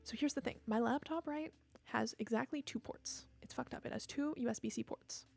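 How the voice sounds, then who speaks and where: A woman's voice: fairly high pitch, brisk, creaky, a little mellow, soft background music. A tired young woman streaming from home, chatting casually into a desk mic in a rambling, self-deprecating way. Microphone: desk microphone.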